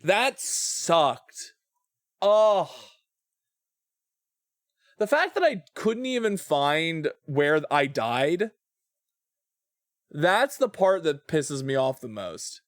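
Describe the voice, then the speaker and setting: A man's voice: on the high side, very animated, drawn-out words, long pauses, dry recording, clean studio sound. A man streaming a video game, talking to himself and to chat, groaning and sighing over what he has lost. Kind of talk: casual gaming livestream commentary.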